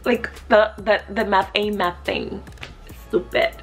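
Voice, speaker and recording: A young woman vlogging in a loose, chatty way, swearing freely and thinking out loud. Her voice has a gravelly, fried edge at a middle pitch. Faint music plays softly behind her. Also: fairly even intonation, takes it slowly. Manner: profane, chatty, thinking aloud. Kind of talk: casual vlog chat.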